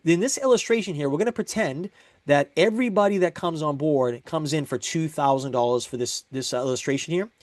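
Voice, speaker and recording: A man's voice: a little high, dry recording. A man giving a recorded sales presentation, upbeat and explaining step by step.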